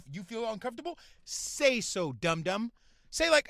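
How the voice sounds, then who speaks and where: A man hosting a podcast, delivering a crude, profane rant that swings between mumbling and shouting. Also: very high voice, sing-song, normal speed, dry recording, studio quality. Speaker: podcast host. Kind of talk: profane ranting monologue.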